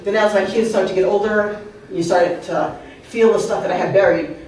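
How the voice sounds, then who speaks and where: A woman's voice: medium pitch, fairly even intonation, moderate pace, a little mellow, slight background noise. A woman in her fifties telling humorous personal stories at an open mic, chatty and full of asides and questions to the audience. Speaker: open mic speaker and author. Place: art venue open mic. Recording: very echoey room, voice heard from a distance.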